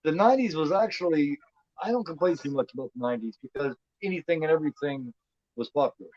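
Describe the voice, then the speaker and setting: Hosting a relaxed movie commentary, a fifty-something man talks quickly in a slightly mellow voice on the high side. He rambles, repeats himself, and says "you know what I mean" frequently, on a dry, dull lo-fi recording.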